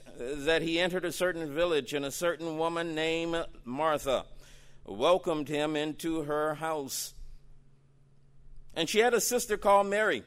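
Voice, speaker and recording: A man preaching a sermon, slow and dramatic, dropping soft and then rising loud. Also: fairly high pitch.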